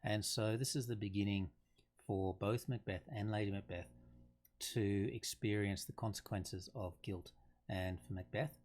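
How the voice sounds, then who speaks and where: A man's voice: lowish voice, steady tone, a little slow, darkish tone. A man teaching a lesson on a play in a conversational way, thinking aloud with fillers and restarts. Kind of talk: casual lesson explaining a play.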